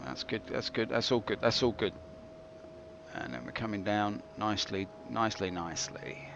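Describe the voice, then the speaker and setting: A man's voice: fairly low pitch, normal speed, creaky, muffled recording, noisy background. A man giving rambling, jokey commentary over his gameplay, drifting into mock-philosophical musings. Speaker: game streamer.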